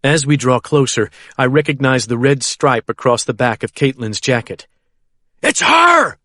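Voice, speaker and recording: Male audiobook narrator, steady and measured, medium pitch, dry booth. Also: dry recording. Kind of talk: first-person thriller audiobook narration.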